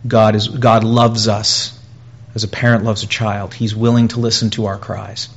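A man preaching a sermon in an earnest way, repeating phrases and pausing, and growing louder and higher when he voices pleas. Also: level tone, breathy edge, lo-fi sound. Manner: earnest, with pauses and repetition, rising and louder in quoted pleas.

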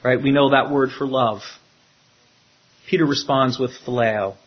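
A man, a pastor, preaching a sermon in an animated way and acting out the quotes he tells. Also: medium pitch, a little slow, highs cut off.

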